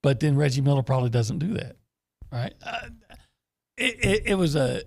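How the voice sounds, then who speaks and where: A man's voice: fairly high pitch, big pitch swings, moderate pace, creaky, slightly rough. A man who is a sports columnist, talking bluntly and folksily on a sports talk radio show, often restarting his sentences. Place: radio studio.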